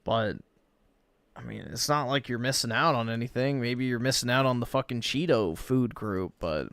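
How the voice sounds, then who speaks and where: A man's voice: mid-range voice, moderate pace, fairly bright tone, smooth, no echo. A man chatting casually on a stream, giving blunt, matter-of-fact opinions with some swearing. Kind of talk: casual chat.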